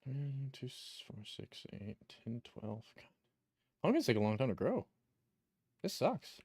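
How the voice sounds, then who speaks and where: A man's voice: medium pitch, big pitch swings, a little slow, darkish tone, slightly rough. A young man streaming a game, chatting casually in a rambling, profane way while he plays. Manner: rambling, profane, chuckles while telling stories. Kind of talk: casual chat while gaming.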